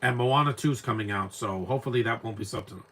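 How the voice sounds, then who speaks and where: A man's voice: medium pitch, fast talker, a bit bright. A young man giving casual live commentary on an old movie, rambling and repeating words as he searches for names.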